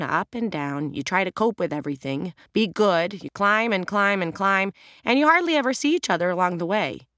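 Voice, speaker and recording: A woman's voice: mid-range voice, a bit bright, dry recording, studio quality, lightly acted. A woman reading an audiobook, voicing a middle-aged wife and mother who speaks in a reflective, earnest way.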